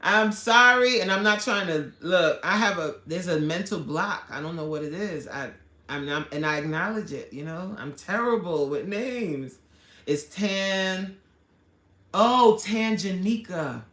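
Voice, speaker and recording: A woman's voice: on the low side, lively intonation, measured pace, sharp tone, echoey room. A woman fitness coach hosting a casual livestream, reading viewer comments aloud with playful, slangy banter and frequent laughter.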